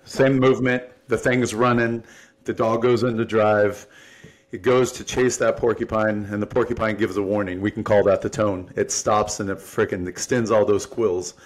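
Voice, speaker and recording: A man's voice: on the low side, fairly even intonation, normal speed. A man hosting a casual podcast interview, explaining with analogies and frank, profane talk. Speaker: podcast host.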